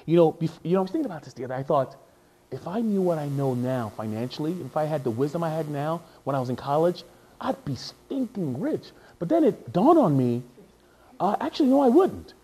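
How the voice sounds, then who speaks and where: A man preaching a sermon as a pastor, animated and jokey, often stopping to repeat and restart his words. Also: on the high side, brisk, husky.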